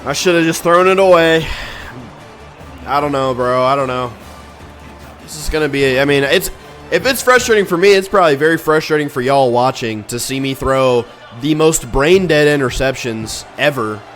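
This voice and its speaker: A young man commentating his own football video game, exasperated and ranting, with sudden loud outbursts. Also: medium pitch. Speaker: gaming YouTuber. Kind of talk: live gameplay commentary.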